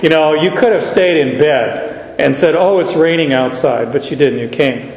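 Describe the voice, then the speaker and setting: A man preaching an expository sermon to a congregation, speaking slowly and deliberately and joking with his listeners. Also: fairly high pitch. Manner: slow, deliberate, jokes with the audience. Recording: echoey hall, slightly dull.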